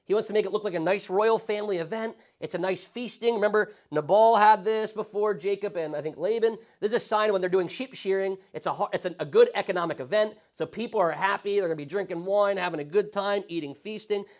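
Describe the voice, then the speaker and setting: Fast-talking animated male pastor. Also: high voice. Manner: animated, acts out quoted lines. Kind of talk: Sunday school Bible teaching. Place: church classroom.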